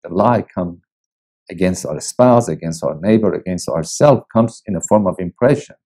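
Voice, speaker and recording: A male pastor reading and preaching a devotional in a slow, deliberate way with long pauses. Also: low voice, expressive, mellow, rough recording. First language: Persian.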